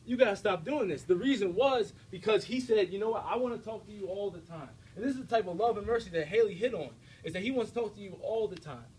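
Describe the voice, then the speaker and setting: A young American man giving an energetic, direct faith talk to a student audience, often checking in with his listeners. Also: high-pitched, quick pace, few pauses, breathy edge, rough recording. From United States. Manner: energetic, direct, preachy, with frequent checks like "all right?". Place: university room before an audience.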